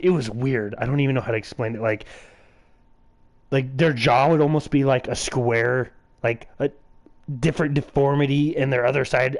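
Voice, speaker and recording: A man chatting loosely while he streams a game, piling on "like" and curse words as he rambles. His voice sits at an ordinary, middle pitch for a man. The talk is casual and unscripted. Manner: rambling, heavy swearing, lots of filler "like". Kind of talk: casual chat while gaming.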